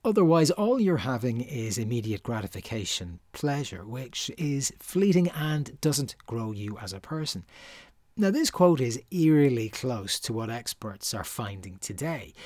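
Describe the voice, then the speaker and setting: A man's voice: medium pitch, darkish tone, no echo, clean studio sound. Reflective man reading his podcast. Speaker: podcast host. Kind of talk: scripted podcast monologue.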